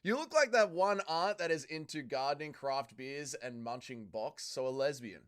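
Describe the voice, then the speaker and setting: A man's voice: medium pitch, animated, moderate pace, smooth. A man hosting a live watch-along stream, reading viewer chat aloud and bantering crudely, swearing freely and calling people mate. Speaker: livestream host.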